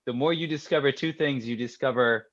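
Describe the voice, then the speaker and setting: Laid back guy chiming in on a podcast chat, mid pitch, muffled sound. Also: brisk. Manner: relaxed, reflective, gives short listening replies. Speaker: podcast roundtable participant. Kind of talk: casual chat.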